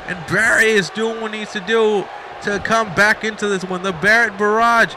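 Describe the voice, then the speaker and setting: A man doing excited, rambling play-by-play commentary over a video game match, shouting at the big moves. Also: sits high, normal speed, slight background noise.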